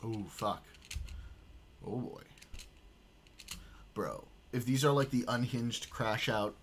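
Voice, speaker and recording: A man's voice: mid-range voice, takes it slowly, a little hiss or hum. A man streaming casual reaction commentary, blunt and swearing often, sometimes reading messages aloud.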